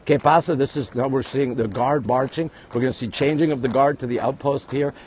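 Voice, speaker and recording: A man with a New York accent, hosting a live walking tour on his phone, talking quickly and greeting viewers all the time. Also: medium pitch, steady tone, a little mellow. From United States. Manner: rapid-fire, greeting viewers constantly. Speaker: livestream host. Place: outdoors at a busy historic site. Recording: faint outdoor city noise.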